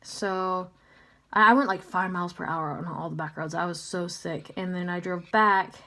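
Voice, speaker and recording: Woman, slightly low voice, chatty casual storyteller with constant fillers. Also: steady tone, moderate pace, bright, forceful tone. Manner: chatty, filler-heavy, lots of "like" and "um". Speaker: vlogger.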